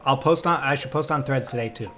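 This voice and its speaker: Talking fast in a mid-range voice over background music, a young man runs a casual livestream. He reads out and responds to comments in a meandering style crowded with fillers and restarts.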